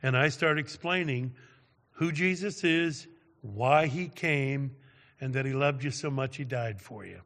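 A man's voice: medium pitch, unhurried, vocal fry, fairly bright tone. A man preaching, telling a story dramatically and often checking in with "all right?". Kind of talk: sermon storytelling. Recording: long reverb of a large hall.

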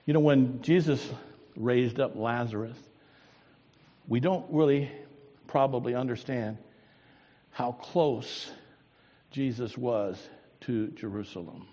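A man preaching a sermon as pastor, swinging from booming emphasis to hushed, drawn-out words. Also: dull audio. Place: church sanctuary. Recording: long hall reverb.

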